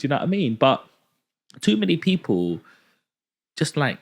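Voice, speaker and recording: A young man chatting on a podcast, telling an animated story and acting out the dialogue in it. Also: fairly high pitch, normal speed, vocal fry, pauses often. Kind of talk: casual podcast chat.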